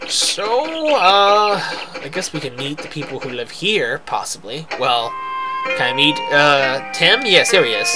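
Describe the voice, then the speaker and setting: With loud game music playing, a weary man hosts a let's play of a farming game, offering meandering, casual remarks. He speaks unhurriedly in a fairly high, sing-song voice, putting himself down and starting over again and again.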